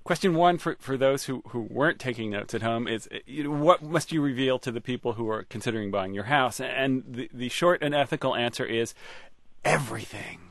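A man's voice: medium pitch, fairly quick, fairly bright tone, no echo. A man giving ethics advice as a radio guest, wry and joking, with frequent stumbling restarts.

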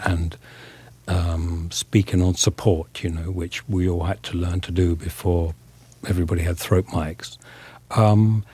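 A man from England speaks in a very low, husky voice, thoughtful and measured as he searches for his words. He is an actor giving an interview, recorded close and dry. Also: warm tone, no echo. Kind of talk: reflective interview talk.

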